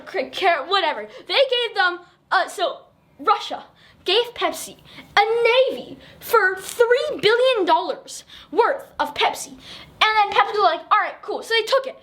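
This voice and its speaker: A woman's voice: extremely high pitch, expressive, slow, a bit bright. A young woman casually explaining a history story over pictures, rambling, correcting herself and giggling as she goes.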